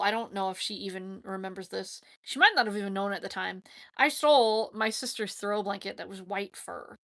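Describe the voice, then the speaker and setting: Woman host, casual Q&A chat, gravelly fry, sharp bright tone, rambling delivery full of fillers. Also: medium pitch. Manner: rambling, chatty, lots of "like" and quick laughs. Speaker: host answering viewer questions.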